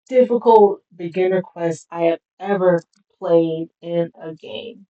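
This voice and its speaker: Slow-talking, low-voiced woman streamer. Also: dark tone, dull audio. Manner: rambling, with many fillers. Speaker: game streamer. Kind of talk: casual gameplay commentary.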